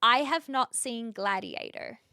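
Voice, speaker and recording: Woman streaming, chatting to viewers, earnest, lots of ums, bright voice, dry sound. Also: a little high, unhurried, smooth, dry recording. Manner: earnest, many restarts and fillers. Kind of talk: casual chat reading viewer comments.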